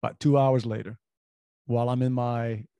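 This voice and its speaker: A man's voice: mid-range voice, moderate pace, smooth, no room sound. Rambling man telling a story. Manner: rambling, animated anecdotes with restarts. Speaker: radio show co-host. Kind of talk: casual storytelling chat.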